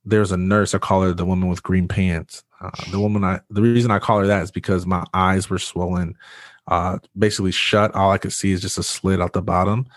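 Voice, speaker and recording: A man's voice: low voice, little pitch movement, a little fast, no echo, studio quality. A young man from Michigan, a guest speaker earnestly telling his personal testimony in conversation. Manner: earnest storytelling with restarts.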